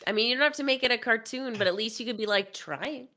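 A woman co-hosting a casual chat, animated and opinionated, with a heavy use of "like". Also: a little high, fast talker. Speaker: podcast co-host.

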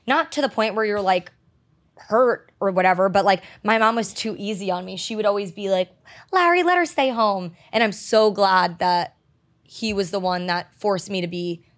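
A woman with a mid-pitched voice chats as a podcast co-host. She talks in an earnest, relaxed way and leans on fillers. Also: normal speed. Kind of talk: casual chat.

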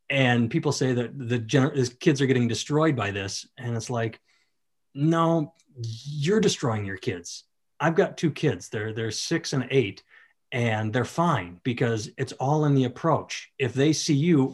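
A man in his thirties in casual podcast conversation, animated and acting out quoted voices. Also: mid-range voice, unhurried. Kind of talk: casual chat.

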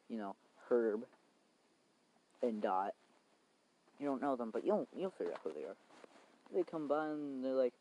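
A man's voice: mid-range voice, dark tone, a little hiss or hum, low-quality recording. A young man vlogging outdoors in the cold rain, recapping a show in a rambling, casual way with lots of fillers and swearing.

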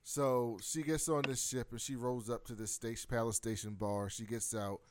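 A man hosting a casual podcast chat, retelling a TV episode with animated storytelling and frequent laughter. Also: medium pitch, normal speed, slight background noise.

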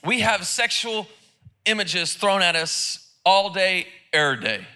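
A man's voice: high-pitched, very animated, unhurried, sharp tone. A man preaching a sermon in church, casual and joking, with lots of repeated words and restarts. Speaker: pastor. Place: church service.

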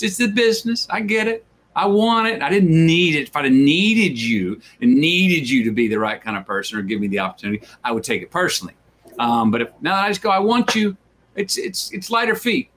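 A man's voice: mid-range voice, a bit bright. A man, an actor as an interview guest, talking in a drawling, reflective way, repeating words and acting out the voices he quotes. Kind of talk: reflective conversational storytelling.

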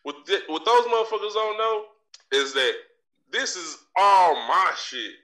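A podcast host delivers a brash, profane, swaggering comedic rant full of trash talk, his high voice bright, pushed, and a little slow. The mic sits at a distance, with faint crowd noise in the background.

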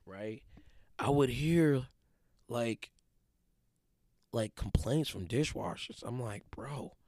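A man's voice: medium pitch, darkish tone, no room sound. A man, hosting a podcast with a casual, emphatic motivational monologue and often checking in with his listeners. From Detroit. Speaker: podcast host.

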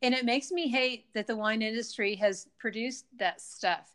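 A woman's voice: a little high, moderate pace, a bit bright, clear, resonant tone. A middle-aged woman hosting a podcast, chatting casually and enthusiastically. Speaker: podcast host. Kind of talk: casual chat.

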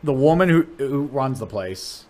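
Animated man telling a club story. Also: normal speed. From Dublin, Ohio, USA. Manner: animated storyteller, voice jumps high and loud when acting out people; swearing, restarts. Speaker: comedian guest. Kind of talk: casual podcast chat.

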